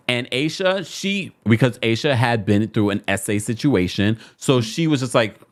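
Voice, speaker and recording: Casting: opinionated New man hosting a chatty podcast, lively and animated. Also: medium pitch, moderate pace. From New York. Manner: animated and opinionated, talks straight to listeners. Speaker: podcast host. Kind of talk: casual pop-culture commentary.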